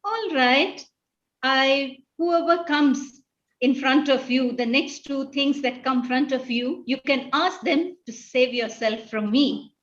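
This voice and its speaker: A woman's voice: sits high, slow, a bit bright, distant mic, dull audio. A woman voicing a male tiger that begs to be freed and then gloats over its prey, in a spoken storybook tale. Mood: commanding.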